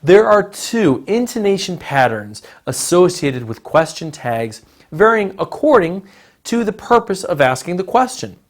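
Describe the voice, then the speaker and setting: A man teaching an English lesson in a recorded narration, modeling intonation patterns in a slow, deliberate way. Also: high-pitched, very animated.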